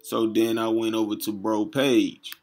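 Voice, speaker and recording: Gravelly low-voiced man giving casual commentary. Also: completely flat delivery, measured pace, darkish tone, soft background music. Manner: loose street slang, reads captions aloud. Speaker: YouTube commentary host.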